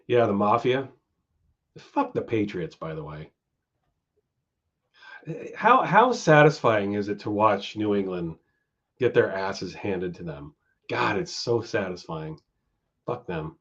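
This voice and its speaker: A man's voice: on the low side, sing-song, slow pace, long pauses, a bit bright. A man hosting a loose, profane live stream, riffing with his chat and drifting from topic to topic. His voice swings widely up and down as he talks. The audio is dull and lo-fi, like a home stream. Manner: chatty, swears freely, goes off on tangents. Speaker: stream host.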